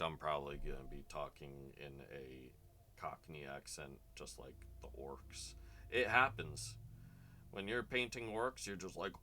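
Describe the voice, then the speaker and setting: A man with a bass voice paints casually on stream, speaking unhurriedly in a bright, forceful tone. He's chatty and rambling, talking to chat as he works. There's slight background noise.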